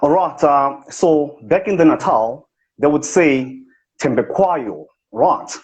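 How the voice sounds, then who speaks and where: A man's voice: on the high side, lively intonation, takes it slowly, breathy edge, full character voice. A man doing a comedic impression of a boastful, self-important business speaker with a South African accent, scolding and bragging on a phone video call. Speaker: impersonator. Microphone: phone on a live video call. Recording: lo-fi livestream audio.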